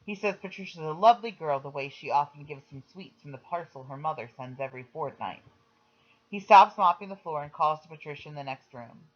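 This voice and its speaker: A reader narrates a memoir audiobook at a middling pitch, in a plain storytelling manner. The recording sounds slightly dull and lo-fi. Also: animated, fairly quick. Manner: plain storytelling, quoting voices.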